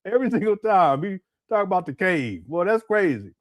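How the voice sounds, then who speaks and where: A man's voice: high voice, sing-song, brisk, noisy background. A man hosting a live stream, reacting to clips with frequent laughter and casual commentary. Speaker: host.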